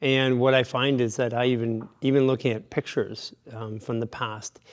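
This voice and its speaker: A man's voice: mid-range voice, little pitch movement, moderate pace. Thoughtful, hesitant male co-host. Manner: thoughtful, hesitant, with many fillers. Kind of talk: casual podcast conversation.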